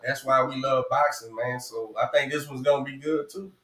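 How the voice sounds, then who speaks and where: Laid-back coach in an echoey room. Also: male voice, medium pitch, fairly even intonation, brisk, pushed and bright. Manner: laid-back, says "man" constantly. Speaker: boxing coach. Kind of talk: casual chat. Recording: roomy echo.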